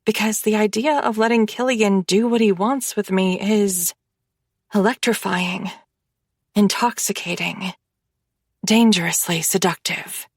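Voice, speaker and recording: Slow, intimate woman audiobook narrator. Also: medium pitch, breathy edge, dry recording, studio quality. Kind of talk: scripted first-person romance narration.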